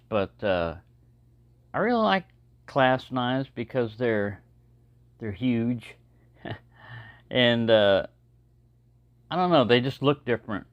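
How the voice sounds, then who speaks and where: A Texan man chats about his knives at an easy, meandering pace, filling pauses with "uh" and "you know." His voice sits at an ordinary mid pitch. The recording is dry and close, with a slightly muffled, dull sound. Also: dry recording. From Texas. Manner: rambling, relaxed, many fillers. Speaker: knife collector vlogger. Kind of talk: casual show-and-tell talk.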